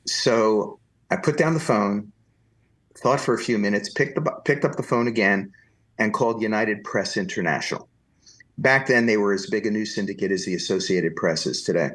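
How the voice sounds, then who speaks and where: A man from New Jersey, a podcast guest, telling long stories in an animated way and acting out the people he quotes. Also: on the low side, moderate pace. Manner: animated anecdotal storytelling, acts out quoted voices. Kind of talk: storytelling interview.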